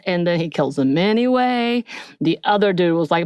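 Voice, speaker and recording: A woman's voice: on the low side, animated, brisk, a little mellow, no room sound, studio quality. A woman co-hosting a podcast, casually recapping a TV episode in a rambling, storytelling way with filler words. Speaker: podcast co-host.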